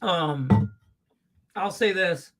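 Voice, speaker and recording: A man hosting a live betting show, ranting profanely about the game on screen. His voice sits a bit high for a man, and he swings from loud outbursts down to low grumbles. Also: extremely slow. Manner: profane, excitable, rants then mutters low. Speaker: sports betting show host.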